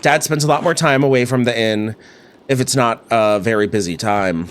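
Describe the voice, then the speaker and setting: A man's voice: medium pitch, moderate pace, a little hiss or hum, natural voice. A man voicing an earnest young villager. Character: young village innkeeper's son, earnest and kind.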